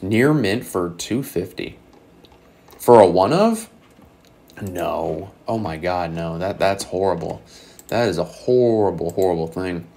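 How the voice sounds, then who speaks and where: A young man with a deep, low-pitched voice talks through collectible card prices in a loose, casual commentary. He is blunt and sarcastic and swears now and then. His voice is a little hoarse, as if he is losing it. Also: lively intonation, unhurried, mellow. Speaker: channel host.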